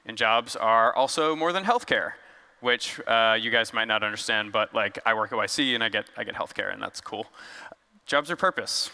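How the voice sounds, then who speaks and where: A man's voice: lowish voice, moderate pace, bright, forceful tone, big-room sound. A man giving a casual, joking conference talk on stage, loose and conversational with fillers. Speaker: conference speaker. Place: large conference hall.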